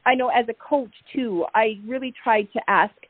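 A woman's voice: fairly high pitch, normal speed, breathy edge, no room sound. A middle-aged woman hosting a casual conversation, chatty and affirming, with frequent fillers. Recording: tinny call audio.

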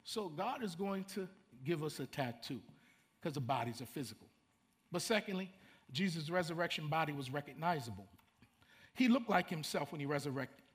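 A man's voice: a little high, animated, normal speed, fairly bright tone. A middle-aged man, preaching a sermon in a conversational way, repeating words and making asides to the congregation. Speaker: pastor.

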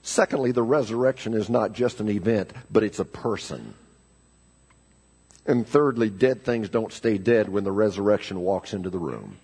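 Male pastor preaching in church; husky, gravelly voice that builds to loud emphasis. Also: fairly low pitch, normal speed. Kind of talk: sermon. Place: church sanctuary.

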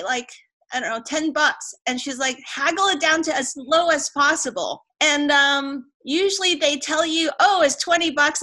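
A woman's voice: high-pitched, bright, forceful tone. A woman from Hong Kong hosting a podcast, telling a reflective personal story in casual conversation. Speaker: podcast host.

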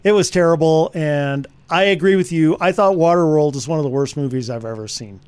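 A man's voice: fairly high pitch, brisk, a little mellow, smooth. A man hosting a radio talk show, joking and teasing his co-hosts and callers with easy laughs. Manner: jokey, laughing, teasing banter. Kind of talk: casual radio chat with callers. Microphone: studio microphone.

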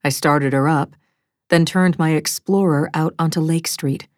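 A woman reading a first-person thriller audiobook in a measured, wry storytelling manner, close to a studio mic. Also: deep voice, fairly even intonation, no room sound. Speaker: audiobook narrator.

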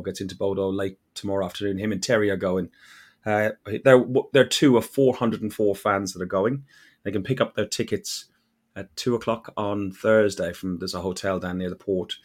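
A man from Ireland hosting a casual fan podcast, telling stories in a chatty way with frequent restarts. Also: on the low side. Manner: chatty storyteller, stumbles and restarts. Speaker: podcast host. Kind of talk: casual chat.

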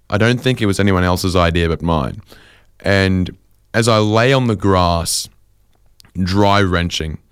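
A young man with a deep, smooth, resonant voice tells a rambling comic story. He keeps correcting himself and goes off on animated tangents. The sound is close and dry, with no room around it. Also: dry recording.

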